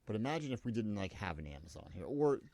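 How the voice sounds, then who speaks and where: A man's voice: on the low side, very animated, fast talker, background noise. A man in his sixties, the host's father and show regular, bantering in an easygoing way and chuckling often. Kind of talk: casual political chat.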